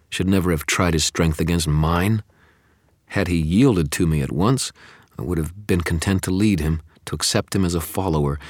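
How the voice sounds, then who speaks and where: Male audiobook narrator with a very deep voice, intense and brooding, close and dry sound. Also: dry recording. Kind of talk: first-person audiobook narration.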